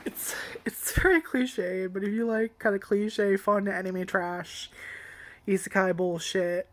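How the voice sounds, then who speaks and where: A woman's voice: mid-range voice, steady tone, takes it slowly. A young woman giving an unscripted, casual anime review, rambling and giggly and swearing freely.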